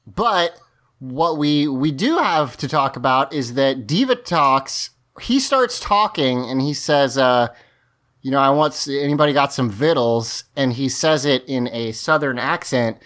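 A man chatting through an episode recap on a relaxed podcast. He rambles, restarts his sentences and leans on fillers as he goes. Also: mid-range voice, unhurried. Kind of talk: casual chat.

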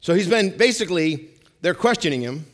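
A male pastor preaching a sermon, jumping from loud emphasis to hushed asides and repeating key lines. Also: high voice, expressive, a little fast. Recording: long hall reverb.

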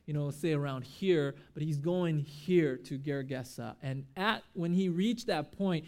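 A man's voice: on the high side, unhurried, darkish tone. A man giving a sermon as a pastor at a church service, talking casually and acting out the people in the story. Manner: casual, conversational preaching with fillers and acted-out quotes.

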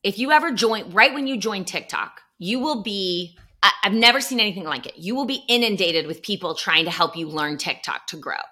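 A middle-aged woman, a guest actor, telling stories in a casual podcast chat and acting out quotes with energy. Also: mid-range voice. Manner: animated storyteller, quick to act out quotes.

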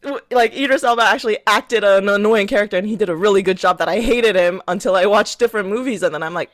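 A young woman co-hosts a casual chat podcast. She tells stories with animated energy, laughs often and slips into quick impressions. The mic is close and dry with no room sound. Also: mid-range voice, no echo. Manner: animated storytelling, laughs often, mimics people. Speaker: podcast co-host.

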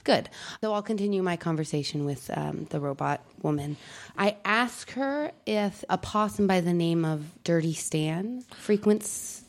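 A woman playing in a tabletop game, describing her moves in a wry, deliberate way. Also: fairly low pitch, expressive. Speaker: player.

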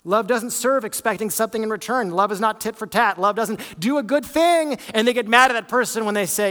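A man's voice: high-pitched, fairly quick, few pauses, pushed and bright, in a large hall. A man, a lead pastor, preaching a sermon in an earnest, conversational way, often restarting his sentences.

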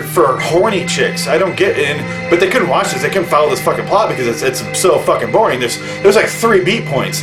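Furious, foul-mouthed man ranting a movie review. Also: fairly high pitch. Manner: furious, swearing constantly, blunt. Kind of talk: angry profane rant.

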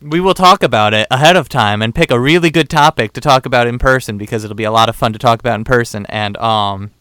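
A man's voice: mid-range voice, quick pace, pushed and bright, clear, resonant tone, no echo. A man co-hosting a podcast, chatting casually and playfully. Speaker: podcast co-host. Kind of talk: casual chat.

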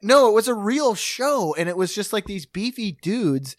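A man's voice: high voice, expressive, moderate pace, no echo, clean studio sound. A man chatting casually on a podcast, eagerly telling stories and laughing along. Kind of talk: casual chat.

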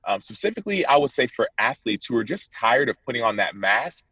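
A football player in his thirties appears as a podcast guest, earnestly sharing his story in a candid interview and acting out old conversations, his voice rising as he retells dialogue. His medium-pitched voice is sing-song, brisk and sharp with a breathy edge. The sound is dull, dry and lo-fi with no echo.

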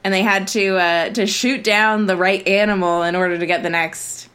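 A woman's voice: mid-range voice, fairly even intonation, moderate pace, fairly bright tone, clear, resonant tone. Chatty rambling young woman podcaster. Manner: chatty and rambling, with many fillers and restarts. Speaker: podcast co-host. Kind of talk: casual chat.

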